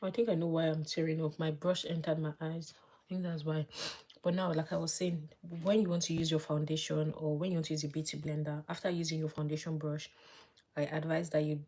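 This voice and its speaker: Woman vlogger, low voice, husky, chatty live makeup tutorial with soft asides. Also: flat delivery, fairly quick. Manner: chatty, thinks aloud, drops to soft murmurs while applying makeup. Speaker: beauty vlogger.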